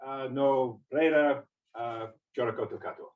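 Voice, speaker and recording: A man's voice: medium pitch, moderate pace, narrow, tinny audio. Man with an English-tinged accent, roomy hall. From New Zealand. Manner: chatty, self-deprecating, hesitant. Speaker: guest speaker, physics lecturer. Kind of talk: public talk to a community gathering. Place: meeting house. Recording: roomy hall, distant mic.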